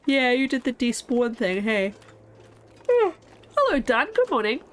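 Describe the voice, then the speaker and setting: A woman's voice: high-pitched, very animated, a little slow. Young woman game streamer, tired and yawny, just chatting and rambling to chat. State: sleepy, yawning. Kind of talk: casual gameplay chat.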